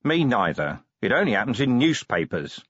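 A man voicing a gruff, weary middle-aged police commander who talks bluntly and grumpily in an audiobook. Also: medium pitch, big pitch swings, normal speed, fairly bright tone, no room sound, highs cut off, pitched above the performer's own voice. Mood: grumpy.

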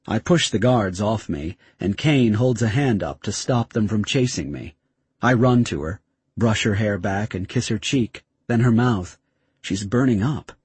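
Husky, dry-sounding male narrator for a tense first-person story. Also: on the low side, darkish tone, no room sound. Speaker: audiobook narrator.

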